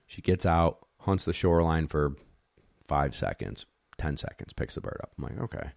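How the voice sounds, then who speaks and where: Man, very deep voice, dry close sound, dog handler, animated storyteller, blunt. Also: normal speed, vocal fry, no echo. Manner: animated, acts out dogs and judges; blunt, mild swearing. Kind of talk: casual storytelling.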